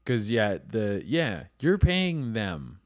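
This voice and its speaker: A man's voice: fairly low pitch, big pitch swings, takes it slowly, dry recording. Rambling, profane podcast host, a man. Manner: rambling, profane, with many restarts and fillers. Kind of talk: casual comedic monologue.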